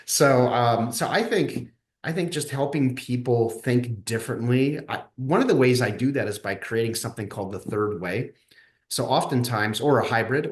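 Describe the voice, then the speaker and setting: A man, a coach and guest on a podcast, talking casually and telling stories with lively acted-out dialogue. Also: mid-range voice, reverberant. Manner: animated storyteller who acts out quoted dialogue. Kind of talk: casual podcast interview storytelling.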